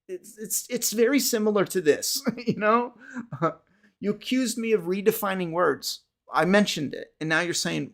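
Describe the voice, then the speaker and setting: A man hosting a podcast livestream chats casually with viewers in a high, fairly bright voice with vocal fry, at normal speed. He rambles, restarts often, and swears casually.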